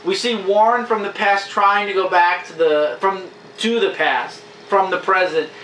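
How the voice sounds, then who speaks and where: A man chatting casually as a comic book reviewer, enthusiastic and acting out characters' lines in quick quotes. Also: high-pitched, a bit bright, far from the mic. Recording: echoey room, faint hiss.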